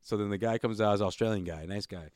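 A man's voice: fairly low pitch, fast talker, darkish tone, no room sound, studio quality. A man on a podcast telling a story in casual conversation, laughing along with his friends. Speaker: podcast co-host.

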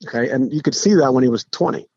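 A middle-aged man, a podcast guest, telling stories in a casual, animated way, with frequent restarts and acted-out quotes. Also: mid-range voice, fast, dry recording. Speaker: podcast guest, pro golfer. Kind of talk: casual storytelling. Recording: dull lo-fi podcast audio.

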